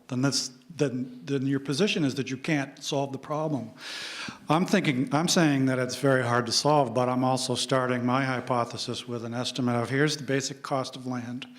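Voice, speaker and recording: A Canadian English-accented man argues his point in a live public debate. His speech stays in a narrow, even pitch band, and he stumbles and restarts often as he builds his case into a stage mic. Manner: halting, many restarts. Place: lecture hall with audience.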